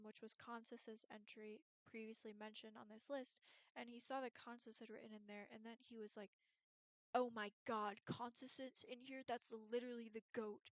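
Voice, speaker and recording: A woman's voice: a little high, dry recording. A young woman from Pennsylvania chatting casually to camera on her vlog, with lots of ums and likes. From Pennsylvania, USA. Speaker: YouTuber.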